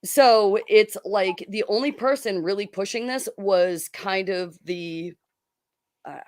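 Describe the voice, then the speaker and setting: A middle-aged woman co-hosts a podcast, telling a story in casual chat and acting out the people she quotes like an animated storyteller. Her voice is mid-range and she takes her time. The recording is dry and studio quality.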